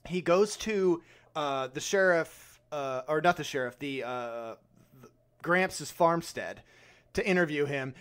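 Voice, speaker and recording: High-voiced man laughing through a movie chat. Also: slow, fairly bright tone, smooth. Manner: laughs often, acts out movie lines in silly voices. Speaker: podcast co-host. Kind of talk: casual movie review chat.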